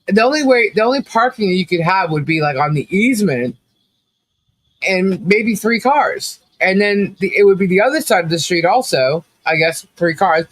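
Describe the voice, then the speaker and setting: A man's voice: high voice, animated, moderate pace, fairly bright tone, dry recording, rough recording. A man co-hosting a podcast, telling a story in casual commentary, acting out quotes with laughing asides. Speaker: podcast co-host.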